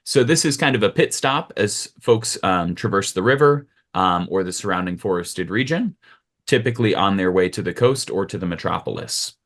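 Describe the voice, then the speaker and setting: A low-voiced man running a tabletop fantasy game as game master. He sets each scene in a relaxed, storytelling way. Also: moderate pace.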